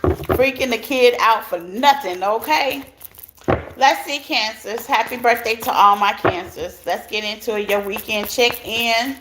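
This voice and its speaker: A woman's voice: a little high, unhurried. A woman giving a casual tarot reading to her viewers, chatty and laughing often as she talks straight to them. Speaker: tarot reader. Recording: clear background noise.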